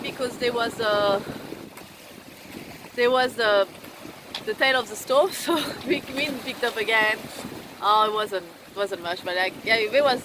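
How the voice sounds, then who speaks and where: A woman vlogger telling a casual, rambling story to camera while steering her sailing boat, swearing freely and laughing between phrases. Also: mid-range voice. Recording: wind noise on an open deck.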